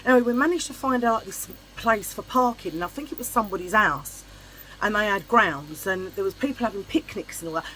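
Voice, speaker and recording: A woman's voice: medium pitch, fairly quick, slight background noise, low-quality recording. A middle-aged woman, telling a long story in a casual vlog, chatty and blunt with some swearing. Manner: chatty, animated and blunt, swears freely, acts out voices in her anecdotes. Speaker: vlogger. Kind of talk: casual storytelling chit chat.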